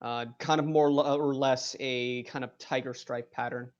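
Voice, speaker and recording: A man of middle pitch chatting as a player in a tabletop game stream. He describes things in a deliberate, halting way, heard through a dull, muffled lo-fi mic. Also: steady tone. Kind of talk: casual game chat.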